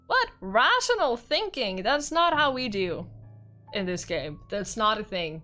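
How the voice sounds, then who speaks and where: A woman streamer reading a visual novel aloud with expressive narration and laughing commentary. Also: mid-range voice, a little slow, faint music behind.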